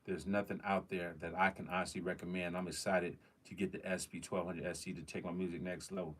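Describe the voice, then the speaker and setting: A man's voice: deep voice, level tone, fairly quick. A man hosting a casual livestream. He talks in slang, stresses his points, repeats phrases and speaks straight to his viewers. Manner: slangy, emphatic, repeats phrases, addresses the chat directly. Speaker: livestream host.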